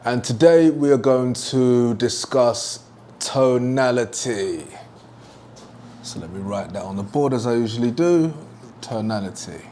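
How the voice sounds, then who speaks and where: A man's voice: mid-range voice, expressive, unhurried, mellow, slight background noise. A young man teaching a sales lesson at a whiteboard, emphatic and repeating his key points. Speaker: sales trainer.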